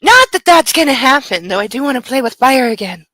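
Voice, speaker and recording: A woman's voice: sits high, big pitch swings, a little fast, a bit bright, no room sound, poor audio. A woman hosting a comedic book club at home, reading aloud and breaking off for casual, sarcastic asides.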